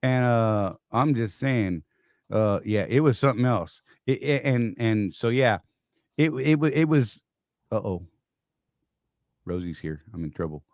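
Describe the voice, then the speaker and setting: A man's voice: on the low side, expressive, unhurried, long pauses, a little mellow, no echo, clean studio sound. A man co-hosting a casual live-stream chat, rambling through stories with frequent restarts. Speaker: co-host.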